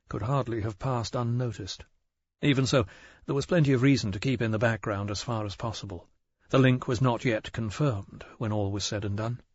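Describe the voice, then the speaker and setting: A man narrating a mystery audiobook in a measured, even storytelling manner. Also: mid-range voice, no room sound, lo-fi sound. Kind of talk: scripted narration.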